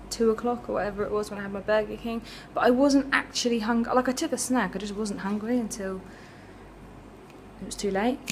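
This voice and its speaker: A young woman talks casually to a handheld camera, rambling along with plenty of ums and likes. Her pitch sits right in the middle for a woman. A faint hiss of noise runs under the recording. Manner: chatty, rambling, lots of fillers. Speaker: vlogger.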